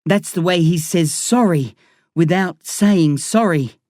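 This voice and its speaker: A woman's voice: on the low side, takes it slowly, a little mellow, dry recording, studio quality. A woman narrating a novel in the first person, with an intense, dramatic delivery. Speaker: audiobook narrator.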